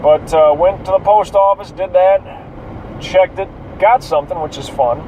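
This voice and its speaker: A man's voice: high voice, normal speed, dark tone, poor audio. Rambling man talking while driving. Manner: rambling, profane, talks to himself about traffic. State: yawning and tired. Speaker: vlogger. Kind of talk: casual driving monologue. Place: inside a car while driving.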